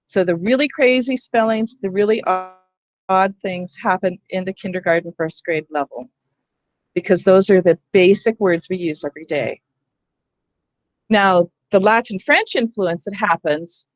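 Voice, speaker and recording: A woman's voice: mid-range voice, normal speed, no echo. Woman, teacher training talk, conversational, explanatory, dry room. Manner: explanatory, conversational, checks in with "right?". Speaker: literacy trainer.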